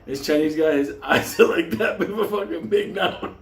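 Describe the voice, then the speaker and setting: A man's voice: fairly high pitch, moderate pace. A man from New York telling a story casually, swearing constantly and laughing through his words. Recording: roomy echo, faint hum.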